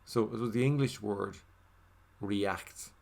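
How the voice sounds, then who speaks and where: A man giving a reflective first-person voiceover for a signed meditation video, talking casually with many fillers and dropping to a soft murmur when he repeats the meditation phrases. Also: on the low side, slow, vocal fry.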